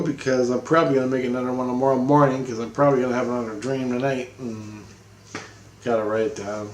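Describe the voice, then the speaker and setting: Male vlogger, mid pitch, blunt and rambling, casual update, echoey room. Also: flat delivery, quick pace, a little mellow. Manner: rambling, blunt, swears freely. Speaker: spiritual vlogger. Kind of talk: casual spoken video update.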